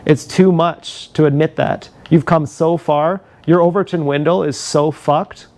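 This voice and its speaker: A man's voice: a little high, steady tone, a little slow, darkish tone. A man ranting angrily and profanely on a live stream, filmed with an action camera. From Canada. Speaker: livestreamer.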